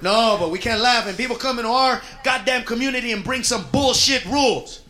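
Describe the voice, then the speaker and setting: A man doing a stand-up comedy routine, brash and profane, shouting out his punchlines. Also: very high-pitched, brisk. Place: comedy club stage before a live audience. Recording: loud live audience and room noise.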